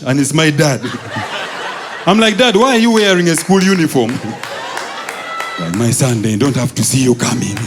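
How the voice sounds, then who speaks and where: Performing stand-up before a laughing live audience, a Ugandan man tells stories about his school years. He voices the people in them himself, his pitch jumping high and dropping low as he quotes them.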